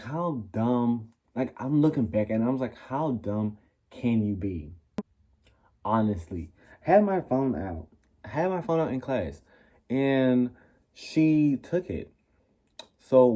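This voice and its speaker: A young man recounting a school story on his own channel, animated and sassy with plenty of attitude. His voice sits at a middle pitch for a man, and he jumps into acting out what people said as he goes. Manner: animated, sassy, acts out quoted lines. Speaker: vlogger. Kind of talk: casual storytelling.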